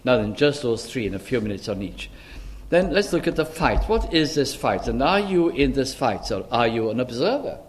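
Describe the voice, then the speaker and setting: Earnest preacher man, measured delivery. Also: mid-range voice, big pitch swings. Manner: measured and earnest, often pausing on "uh". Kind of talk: expository sermon.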